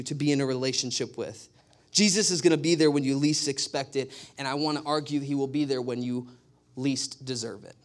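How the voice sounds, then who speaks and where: A man preaching a sermon, telling stories with animated, emphatic repetition. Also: on the high side. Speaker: pastor.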